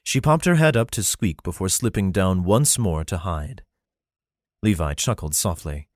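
A man narrating a fantasy novel in a steady, even storytelling manner. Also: deep voice, unhurried, dry recording, studio quality. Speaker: audiobook narrator.

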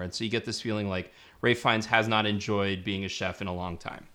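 A man's voice: lowish voice, steady tone, moderate pace, hardly any pauses, sharp tone, clear, resonant tone. A man co-hosting a podcast, casually giving his take on a film in a laid-back way and chuckling now and then. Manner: laid-back, chuckling, talks through his points with restarts. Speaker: podcast co-host. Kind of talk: casual film review chat.

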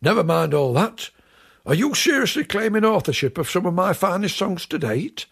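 Brief: man voicing a mild middle-aged amateur songwriter, earnest, raspy and animated. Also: high-pitched, normal speed, voice pushed up, full character voice. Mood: fretful.

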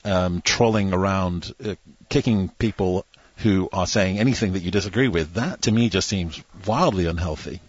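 A man's voice: low voice, normal speed, husky, no room sound, lo-fi sound. A British man on a radio show as a guest broadcaster, who pokes fun at himself. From Britain. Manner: self-deprecating.

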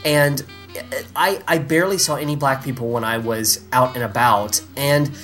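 A man's voice: medium pitch, moderate pace, soft background music. A man hosting a casual chat, telling stories with exasperated asides. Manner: animated storytelling with exasperated asides.

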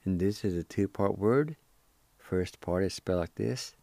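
A very deep-voiced man leads a radio language lesson in a mellow, unhurried tone. He spells each word letter by letter and repeats it with patience. The sound is close and dry, with no room around it. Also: gravelly, no room sound. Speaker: radio language teacher and host.

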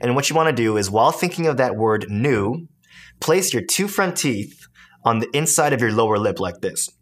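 A man's voice: mid-range voice, expressive, moderate pace. A man teaching beatboxing step by step in a tutorial. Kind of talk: tutorial instruction.

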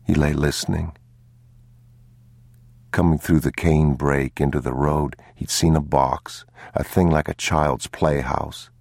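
A man narrating an audiobook in a slow, grave, measured manner. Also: a bass voice, steady tone, gravelly, a little mellow, no room sound.

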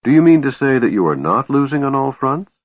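Verbitterter, drohender Kriegsherr, von einem Mann gelesen, lebhafte Betonung, enger telefonartiger Klang. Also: male voice, on the low side, big pitch swings, normal speed, no echo. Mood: bitter. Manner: scowling, bitter, snorting. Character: bitter, menacing male warlord, quick to anger. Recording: narrow phone-like sound, dry.

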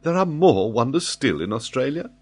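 A man's voice: medium pitch, sing-song, normal speed, husky. A man reading a curious noblewoman. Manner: polite, wondering questions.

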